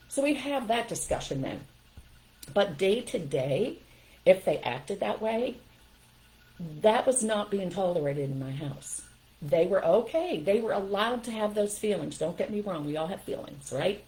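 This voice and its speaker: Older lady, low mellow voice, firm no-nonsense parenting talk straight to viewers. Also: animated, normal speed, rough recording. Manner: firm, emphatic, addresses viewers directly. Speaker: parenting advice host. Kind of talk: casual livestream advice talk.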